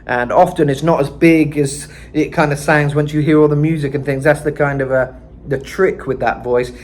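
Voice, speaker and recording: A man's voice: fairly high pitch, fairly even intonation, normal speed, darkish tone, a little hiss or hum. A man giving a casual singing lesson, explaining in a loose, rambling way with lots of fillers. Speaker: vocal coach.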